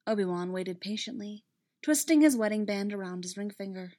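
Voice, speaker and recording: A woman's voice: mid-range voice, animated, fairly quick, mellow. Woman reading a story aloud. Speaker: narrator. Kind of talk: fan fiction read aloud.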